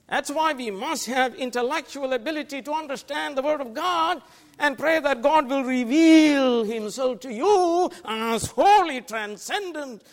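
A man preaching a sermon as pastor, emphatic, swinging between loud declarations and quiet asides. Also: very high voice. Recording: long reverb of a large hall.

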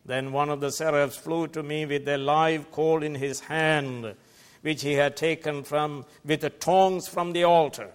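Emphatic preacher in a reverberant hall. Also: male voice, on the high side, fairly even intonation, unhurried, clear, resonant tone. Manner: emphatic, swings between loud declarations and quiet asides. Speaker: pastor. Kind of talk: sermon. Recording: long reverb of a large hall.

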